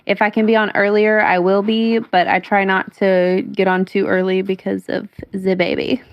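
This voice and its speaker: A woman's voice: mid-range voice, little pitch movement, normal speed, highs cut off. A woman co-hosting a stream, chatty and full of hesitant fillers. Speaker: podcast co-host. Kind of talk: casual stream chat.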